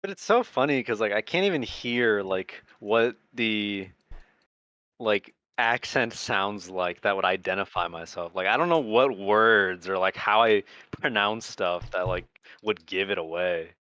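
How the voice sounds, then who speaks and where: Lively Midwestern man, lots of "like". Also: lowish voice, measured pace, no echo. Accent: light Midwestern. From Michigan. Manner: filler-heavy, hesitant phrasing. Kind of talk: casual podcast chat.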